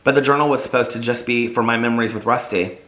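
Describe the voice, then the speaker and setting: A man's voice: medium pitch, steady tone, fast, a bit bright, natural voice. A man voicing a lost, heartbroken young man who speaks plaintively.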